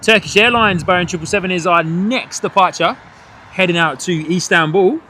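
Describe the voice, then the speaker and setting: A man hosting a live plane-spotting stream from a hotel above the runway, excitedly calling out departures and greeting viewers. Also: sits high, normal speed, a little hiss or hum. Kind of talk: live commentary. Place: hotel third floor overlooking an airport runway.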